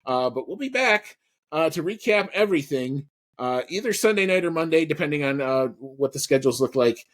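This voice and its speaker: A man's voice: fairly high pitch, animated, brisk, a bit bright. A man co-hosting a podcast in casual chat, rambling with lots of fillers and restarts. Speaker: podcast co-host.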